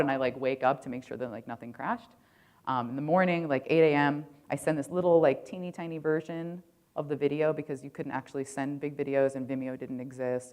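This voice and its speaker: A woman in her thirties giving a conference keynote, telling a casual, profane story packed with "like" fillers. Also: very deep voice. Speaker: keynote speaker. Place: conference stage.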